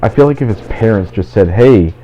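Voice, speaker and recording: A man with a very low, deep voice talks through a game session in loose, rambling chat, leaning on "like" in nearly every phrase. The recording is dull and lo-fi, with faint game music underneath. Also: fast talker. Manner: rambling, constant "like" fillers. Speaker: let's play host. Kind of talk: casual gaming chat.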